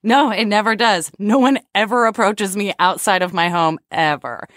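A woman co-hosting a chat show, talking in a chatty, expressive way. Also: mid-range voice, moderate pace, dry recording. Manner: chatty and expressive, lots of fillers. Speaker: podcast co-host. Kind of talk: casual chat.

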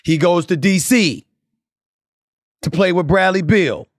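A man hosting a sports talk podcast, delivering an emphatic commentary monologue that climbs into passionate lists and drops into low, muttered asides. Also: measured pace, no room sound, clean studio sound. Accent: New York. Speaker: podcast host.

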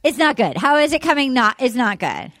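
A woman's voice: sits high, sing-song, a little fast, very noisy. A woman co-hosting a podcast in casual chat, bubbly and rambling, often correcting herself mid-sentence. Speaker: podcast co-host. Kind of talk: casual chat, promoting a live show.

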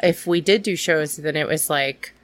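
A woman comedian who is a guest on a podcast, soft-spoken and easygoing in casual conversation. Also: deep voice, normal speed, no room sound. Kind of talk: casual interview chat.

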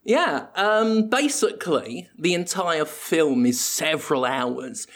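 A man hosts a comedy podcast, rambling cheerfully through a ridiculous made-up story. His voice is slightly high with a gravelly rasp. He chuckles at his own jokes as he goes. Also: lively intonation, takes it slowly, a bit bright. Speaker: podcast host.

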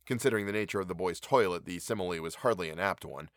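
A man reading a classic short story aloud, measured and wry. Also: deep voice, dry recording, clean studio sound. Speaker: narrator.

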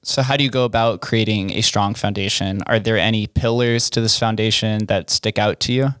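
Low-voiced, easygoing male podcast host. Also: steady tone, brisk, fairly bright tone, clean tone, no echo, studio quality. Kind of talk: casual interview.

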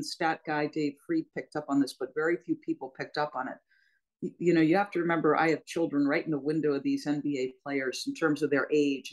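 A woman's voice: low voice, a little mellow, poor audio. A woman in her fifties, a sportscaster, telling stories with feeling on a panel discussion. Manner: emotional, storytelling.

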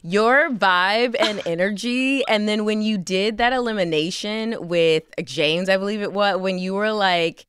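A woman's voice: on the low side, fairly bright tone, clear, resonant tone, no room sound, studio quality. A woman co-hosting a podcast, enthusiastic and laughing as she chats with a guest. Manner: enthusiastic, laughing, hype phrases. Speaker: podcast co-host. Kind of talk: casual interview chat.

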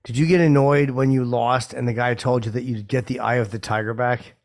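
A man's voice: mid-range voice, steady tone, brisk. A man co-hosting a podcast, wry and mock-complaining in casual banter. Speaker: co-host.

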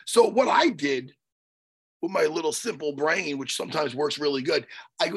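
A man telling a story on a podcast in a casual, animated way, swearing and loudly acting out what people said. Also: fairly high pitch, normal speed, vocal fry, breathy edge. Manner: animated, swearing, acts out his own quotes loudly. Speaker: podcast co-host.

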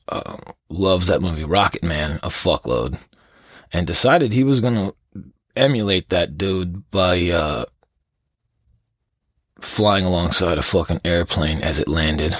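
A man's voice: a bass voice, gravelly, slightly rough, dry recording, studio quality. A man hosting a casual solo podcast, riffing on odd news stories with constant swearing and bursts of laughter. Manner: profane, animated, laughing storyteller. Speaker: podcast host.

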